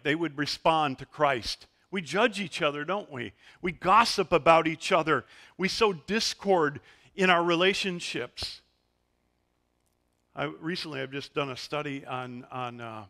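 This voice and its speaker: A man's voice: medium pitch, pushed and bright. A middle-aged man preaching a sermon as a pastor, telling stories with animation and acting out the voices he quotes. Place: church sanctuary.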